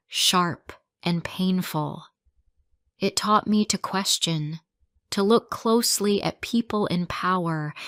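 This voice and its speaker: A woman narrating a sad story in a slow, clear, deliberate reading for English learners. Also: lowish voice, dry recording, studio quality.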